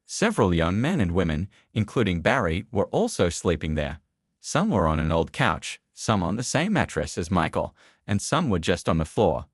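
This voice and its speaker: A male narrator reading a story aloud in a low, husky voice. His pitch moves in lively swings from phrase to phrase, and the sound is close and dry. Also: normal speed, no echo.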